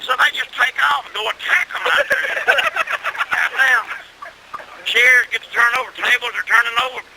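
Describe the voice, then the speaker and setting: A man's voice: very high-pitched, normal speed, vocal fry, very noisy. A middle-aged man, telling a rural story in a salty, folksy way, with plenty of cussing. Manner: salty rural storytelling, cussing, grows loud and excited with laughs.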